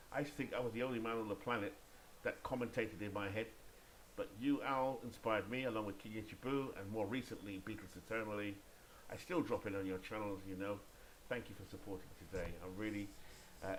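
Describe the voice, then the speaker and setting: A man's voice: fairly low pitch, slight background noise, low-quality recording. British man calling a sim baseball game. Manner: enthusiastic, chatty asides to viewers. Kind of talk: play-by-play commentary of a simulated game.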